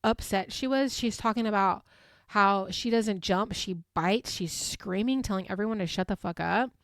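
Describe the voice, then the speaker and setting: A woman in her thirties, hosting a podcast and retelling events in a chatty, animated way, full of fillers. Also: mid-range voice, normal speed, no echo, studio quality. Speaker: podcast host. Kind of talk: casual recap chat.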